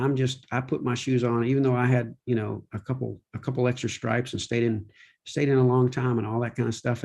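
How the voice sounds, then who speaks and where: A middle-aged man talks candidly in an interview, with a warm, mellow tone. He rambles a little and keeps checking in with "you know what I mean". His pitch sits in an ordinary middle range. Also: creaky, husky. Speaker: podcast guest.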